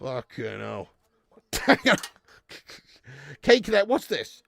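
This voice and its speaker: A man hosting a live football watch-along, shouting at the players, swearing freely and chatting with viewers. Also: medium pitch, drawn-out words, creaky, no echo. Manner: excitable, sweary, shouts at the screen; reads out and answers viewer chat. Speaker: watch-along streamer host.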